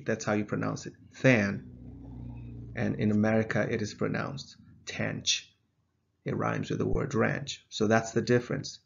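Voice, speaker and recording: A male math teacher explains step by step in a measured way, his low voice deeply gravelly and a little husky. He keeps an even, flat delivery, and the recording sounds dull and lo-fi. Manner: measured, explanatory, with some fillers. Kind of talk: video lesson.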